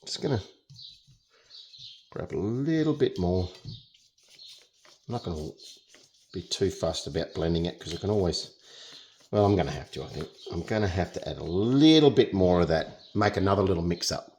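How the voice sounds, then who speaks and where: A man's voice: sits low, sing-song, normal speed, long pauses, a little mellow, slight background noise. A young Australian man chatting casually through a painting demonstration, joking as he works. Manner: chatty, jokey, talks while working. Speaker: painting tutor.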